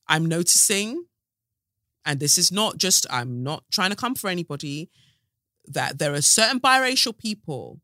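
A woman's voice: deep voice, sharp tone, no echo, studio quality. A woman hosting a podcast, giving casual commentary in an outspoken, sarcastic way with muttered asides. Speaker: podcast host.

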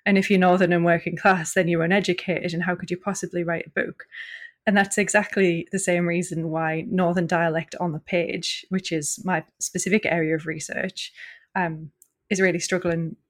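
A woman's voice: lowish voice, flat delivery, normal speed. A woman, a writer speaking earnestly and with animation in a podcast discussion. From County Durham, England. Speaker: journalist and writer, guest.

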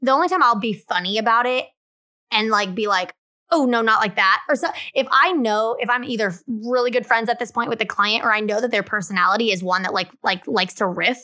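A woman co-hosting a podcast in casual chat, animated and acting out quotes with big enthusiasm. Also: fairly high pitch, fairly quick, no echo, clean studio sound. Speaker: podcast co-host.

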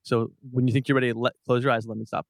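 A man's voice: medium pitch, flat delivery, rapid-fire, creaky, no echo, clean studio sound. A man hosting a podcast, chatting casually and teasing his co-host like an upbeat emcee.

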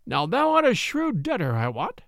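A grasping churchman full of scorn, voiced by a man reading aloud, who snaps sharp, sneering words. The voice is high and lively with gravel in it, captured dry and close. The whole thing sounds like an old-style tale told aloud. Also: moderate pace, dry recording, full character voice.

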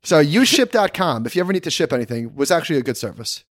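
A man's voice: a little high, big pitch swings, fast talker, no echo, studio quality. A man co-hosting a podcast, telling a rambling anecdote in casual chat and correcting himself as he goes. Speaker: podcast co-host.

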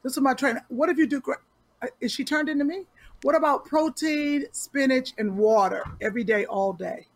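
High husky woman chatting, caring and direct. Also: brisk, no room sound. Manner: caring, teasing, gives advice in a direct way; informal speech with dropped verbs. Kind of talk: casual chat.

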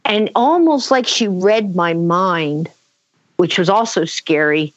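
A woman telling a personal story in conversation, animated, acting out quotes, with many fillers. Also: lowish voice, takes it slowly, dry recording. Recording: dull lo-fi dry sound.

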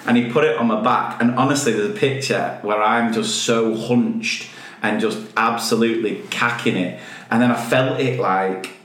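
Male podcast co-host, joking storyteller, mid pitch, echoey room. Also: moderate pace, fairly bright tone. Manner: jokey, storytelling, reads news headlines aloud. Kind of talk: casual chat.

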